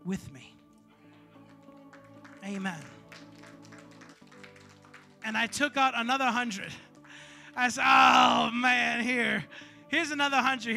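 High, bright-voiced preaching man. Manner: animated storytelling, bursts of shouting. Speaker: bishop preaching. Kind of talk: sermon with a story.

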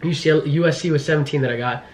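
A young man in his twenties talking fast as a vlogger, frantic and pleading with nervous laughs. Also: on the high side, a little mellow, roomy sound. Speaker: vlogger, law student. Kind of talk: casual vlog talk.

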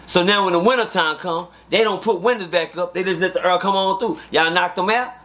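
A man, an interview guest, telling prison stories in a profane, animated way and acting out the dialogue. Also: high voice, a little fast. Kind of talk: casual storytelling.

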